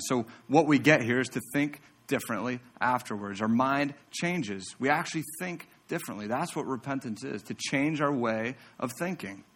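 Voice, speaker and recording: A man's voice: mid-range voice, fairly bright tone. A man pastor giving a sermon in church, preaching in a conversational way with asides to the congregation.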